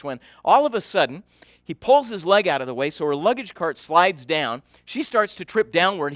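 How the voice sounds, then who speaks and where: Bright, dry-voiced male keynote speaker. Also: on the high side, no room sound. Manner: animated, engages the audience with questions. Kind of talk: storytelling keynote talk.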